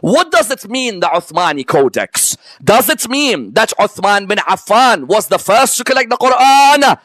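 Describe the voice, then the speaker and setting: A man with a notably high voice teaches religious history to a live audience. The sound is dry and close, with little room around it. He walks his listeners through points one at a time and keeps pulling them in with "yes?" and "correct or no?". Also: sing-song, fairly bright tone, no room sound. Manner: lists items one by one in a slow, emphatic way. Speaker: religious lecturer.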